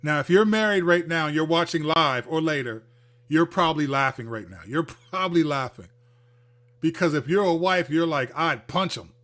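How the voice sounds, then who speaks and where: A man with a slightly high voice hosts a livestreamed Christian teaching talk. He speaks in a lively, conversational way and slips into quoted voices as he talks. His delivery is direct and addresses the viewer. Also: normal speed. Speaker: host, Christian counselor.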